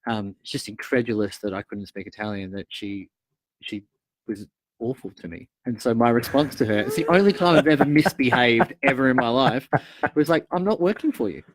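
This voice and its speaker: A man's voice: mid-range voice, moderate pace, no room sound. An Australian man in casual conversation, trading jokes and stories as a guest guitarist. His voice sits in an ordinary middle register. The sound is close and dry, with no room around it. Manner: joking, storytelling. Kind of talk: casual chat.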